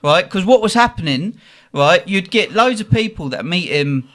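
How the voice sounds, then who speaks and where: Animated bloke telling stories. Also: male voice, high voice, normal speed. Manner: animated, acts out voices in anecdotes. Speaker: podcast host. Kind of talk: casual storytelling chat.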